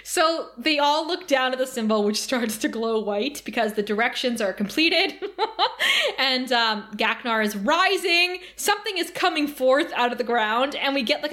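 A woman co-hosting a podcast, recapping a TV episode in a casual, giggly and animated way. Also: high voice. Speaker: podcast co-host.

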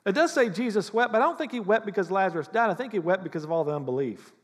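A man preaching a sermon as pastor, animated and conversational, often acting out how people pray. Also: sits high, racing, big-room sound. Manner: animated, acts out prayers in mock voices.

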